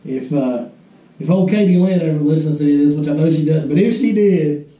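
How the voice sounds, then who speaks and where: A man's voice: fairly high pitch, normal speed, warm tone, far from the mic. A man co-hosting a fishing podcast in a casual, folksy storytelling style, with asides to the listeners. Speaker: podcast co-host. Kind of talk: casual chat. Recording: echoey room, voice a bit off-mic.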